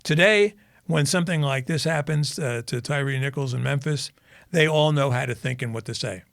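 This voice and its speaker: A man's voice: medium pitch, moderate pace, creaky, a bit bright, no room sound. A man co-hosting a podcast, chatting casually and telling rambling anecdotes while laughing at his own jokes. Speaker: podcast co-host. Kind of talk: casual chat.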